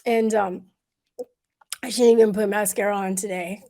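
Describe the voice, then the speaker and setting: A woman hosting a casual livestream, talking to viewers with many pauses, fillers and restarts, and growing emotional at times. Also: medium pitch, fairly even intonation, mellow. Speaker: livestream host.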